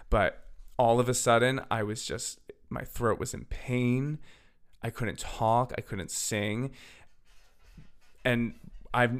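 A young man hosting a podcast, telling a story casually. He talks in a chatty way, full of "literally" and "like", and his voice is slightly hoarse. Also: fairly low pitch, a bit bright. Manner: chatty, filler-heavy, "literally" and "like". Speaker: podcast host.

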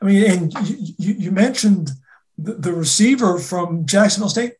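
A college football co-host talking in a deliberate, halting way, often repeating words as they start. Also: mid-range voice, expressive, a little mellow. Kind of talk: casual sports talk.

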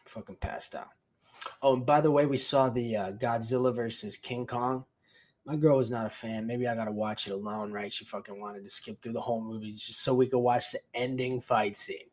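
A man's voice: mid-range voice, steady tone, normal speed, a little mellow. A young man hosting a podcast alone, telling rambling, profane, laid-back stories in casual talk. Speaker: podcast host. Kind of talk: casual solo podcast monologue.

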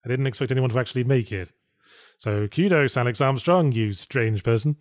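A man's voice: mid-range voice, fairly quick, no echo. A man co-hosting a casual podcast chat, talking with dry, wry humor. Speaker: podcast co-host.

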